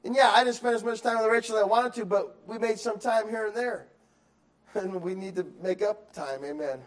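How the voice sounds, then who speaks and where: A man preaching a sermon in a high voice. He drifts between soft, reflective stretches and loud, insistent exhortation, and he repeats words and restarts as he goes. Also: moderate pace. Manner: swings from quiet musing to loud emphatic exhortation; acts out excuses in quoted voices. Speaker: pastor.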